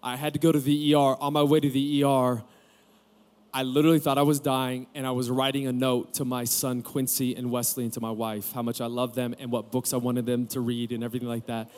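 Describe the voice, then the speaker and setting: A man's voice: mid-range voice, little pitch movement, fairly quick, a little mellow. A pastor in his forties preaching a candid sermon, telling a personal story with joking asides to a live audience. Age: 40s. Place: camp gathering room with audience.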